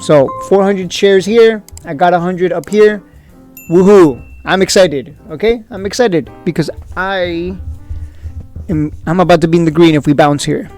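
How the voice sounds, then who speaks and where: A man hosting a stock trading video, talking casually and excitably, whooping and throwing out rhetorical questions. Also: high-pitched, unhurried, faint music behind. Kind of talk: casual market commentary.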